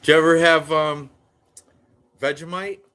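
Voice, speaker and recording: A man's voice: a little high, steady tone, measured pace, bright, forceful tone, clean tone. A man in his fifties co-hosting a sports betting show, rambling casually, laughing often and swearing freely. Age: 50s. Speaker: podcast co-host. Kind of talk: casual chat.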